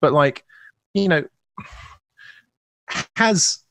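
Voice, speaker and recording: A man's voice: on the high side, expressive, very slow, a bit bright, no room sound. A man hosting a podcast, asking long, winding questions with many restarts. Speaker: podcast host. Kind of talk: casual podcast conversation.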